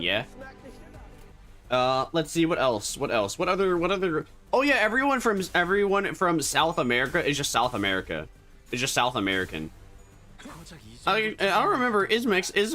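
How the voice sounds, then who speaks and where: A man's voice: fairly high pitch, pushed and bright. A man chatting casually on a game stream, joking and rambling. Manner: joking, rambling, self-correcting.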